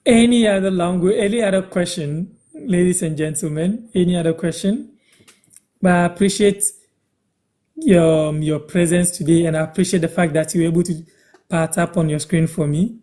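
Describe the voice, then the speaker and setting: A Ghanaian man with a fairly high yet dark, mellow voice runs a relaxed live-stream language lesson. He repeats each word and phrase slowly so learners can catch it.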